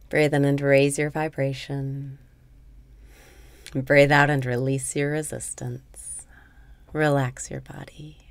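Guiding a meditation slowly and without hurry, a woman speaks in a very deep, soothing voice with a gravelly, creaky texture, sometimes sinking into a soft whisper. There is no room sound.

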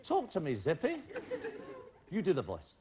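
A man hosts a television game show, his voice pitched high and swinging wildly up and down. He teases contestants, laughs along and repeats their answers back to them. A roaring studio audience fills the background. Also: huge pitch swings, normal speed, over a noisy crowd, heavy background noise. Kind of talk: playful studio banter. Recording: loud studio audience behind.

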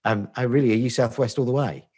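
Husky-voiced man with a Portsmouth accent. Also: mid-range voice, fast, a little mellow. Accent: Portsmouth English. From Portsmouth, England. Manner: sweary, self-deprecating, jokey. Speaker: podcast guest, agency founder. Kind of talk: casual interview chat.

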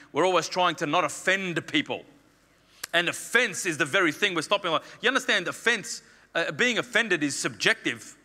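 A man's voice: fairly high pitch, sharp tone. A man preaching a sermon as pastor, emphatic, repeating phrases and acting out the lines he quotes. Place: church hall. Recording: long reverb of a church hall.

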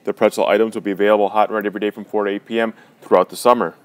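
A man reading a scripted news narration in a brisk announcer delivery. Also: fairly low pitch, level tone, a little mellow, long reverb tail.

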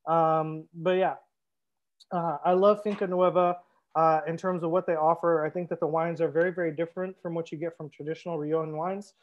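A man's voice: a little high, level tone, a little fast, dull audio. A young man hosting a live wine tasting, chatting casually and talking straight to his viewers. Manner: chatty, upbeat, addresses viewers directly. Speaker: sommelier and show host.

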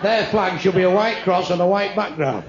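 A man's voice: sits high, normal speed, very noisy. A man from England doing live stand-up, swearing crudely and insulting people in the audience. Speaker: stand-up comedian. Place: comedy club before a live audience. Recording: dull echoey live club recording with crowd laughter.

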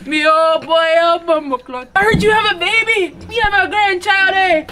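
Brief: woman playing a boisterous jamaican dad, sing-song patois, very high voice, roomy sound with music under. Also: moderate pace. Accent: put-on Jamaican. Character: loud boastful Jamaican dad, middle-aged man. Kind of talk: prank role-play.

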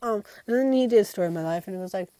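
A teenage girl rambling casually in her first home vlog, often mimicking her friends in animated voices. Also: mid-range voice, racing. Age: teens. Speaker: vlogger.

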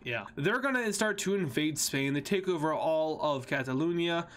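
A man's voice: on the high side, lively intonation, normal speed, fairly bright tone. A young man casually narrating a map scenario video, with joking asides and frequent fillers. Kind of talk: casual commentary over a map animation.

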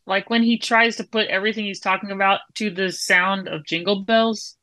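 A woman co-hosting a casual podcast, animated and teasing as she tells stories. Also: mid-range voice, normal speed, no echo. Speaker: podcast co-host. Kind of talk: casual chat.

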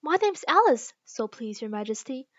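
A woman's voice: sits high, big pitch swings, normal speed, a bit bright, dry recording, highs cut off. A woman reading aloud, voicing a timid and polite young girl.

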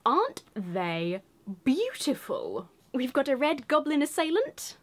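A woman's voice: high voice, huge pitch swings, slow pace. A woman hosting a casual card-opening video indoors. She gushes and giggles, and she reads the flavour text in a whisper. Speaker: video host opening trading cards. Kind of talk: casual chat, reading card text aloud.

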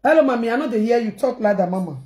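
A woman's voice: medium pitch, fast, mellow. A woman with a Nigerian accent talking casually to her viewers in a rambling, repetitive way, mixing in pidgin phrases.

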